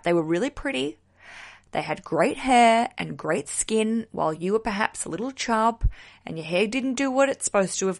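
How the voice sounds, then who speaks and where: A woman with an Australian accent hosting a podcast, talking in a chatty, jokey way with candid asides. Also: on the low side. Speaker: podcast host. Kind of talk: casual comedic podcast monologue.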